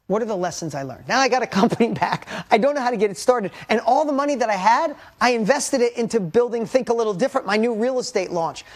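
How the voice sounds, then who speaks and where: A middle-aged man giving a motivational talk to an audience, telling a candid story of failure and building to emphatic lessons, at times choked with emotion. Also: high-pitched. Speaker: motivational speaker.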